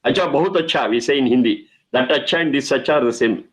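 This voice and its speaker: A man's voice: mid-range voice, fast, rough recording. A middle-aged man, teaching a lecture on Vedic mantras, explaining patiently and repeating key phrases.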